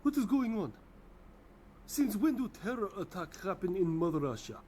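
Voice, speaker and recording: A man's voice: high-pitched, sing-song, normal speed, a little mellow. Guy doing russia as a touchy proud leader, stiff and offended, faint hiss behind. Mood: indignant.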